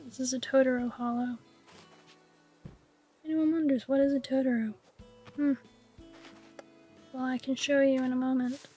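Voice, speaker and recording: A woman streamer whispering softly in a raspy voice, musing playfully and with mock grandeur as she chats over her game. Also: high voice, fairly even intonation, normal speed, long pauses, soft background music. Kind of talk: casual gameplay chat.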